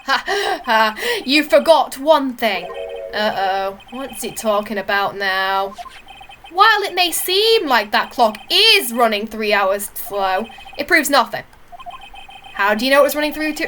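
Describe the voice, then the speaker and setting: A woman voicing a shifty, loud male murder witness who blusters and stammers defensively. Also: sits high, animated, unhurried, a little hiss or hum, full character voice. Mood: blustering.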